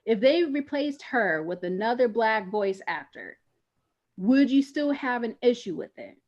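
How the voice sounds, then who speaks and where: A woman's voice: fairly high pitch, expressive, a little slow, darkish tone. Chatty woman on a muffled call. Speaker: podcast co-host. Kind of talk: casual panel chat. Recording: lo-fi online call audio.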